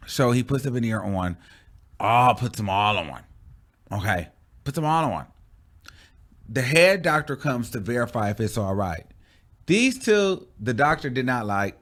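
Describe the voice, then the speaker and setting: A man on his channel telling a story time monologue casually, animated, dramatic and full of exclamations. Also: mid-range voice, measured pace. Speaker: YouTube storyteller.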